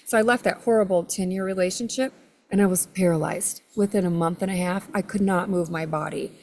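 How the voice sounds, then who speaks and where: Loud, expressive woman telling a story. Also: fairly low pitch, a little fast. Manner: expressive, laughs often, self-described loud. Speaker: guest, energy healer. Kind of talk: animated storytelling in conversation.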